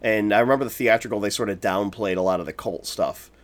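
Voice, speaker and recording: A man's voice: lowish voice, fast. Blunt, swearing man in casual chat.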